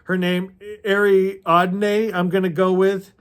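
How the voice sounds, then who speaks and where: A man's voice: sits high, level tone, slow pace, smooth. A middle-aged man reading a novel aloud and commenting on it casually, emotional, often laughing and swearing.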